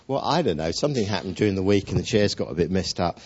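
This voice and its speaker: Husky preacher with lively delivery. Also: male voice, low-pitched. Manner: warm storytelling, playful jokes, dramatic pauses. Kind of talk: sermon. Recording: dull lo-fi recording.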